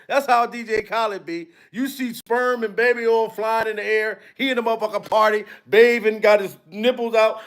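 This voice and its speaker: Loud profane man hosting a livestream. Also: very high-pitched, moderate pace. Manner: loud, profane, laughing, mocking. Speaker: livestream commentary host. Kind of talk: live-stream commentary.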